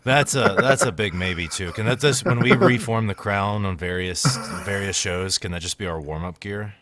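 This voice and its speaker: Man, deep low voice, podcast co-host, playful bragging banter. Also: moderate pace, a bit bright. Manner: playful, boastful joking banter. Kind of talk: casual chat.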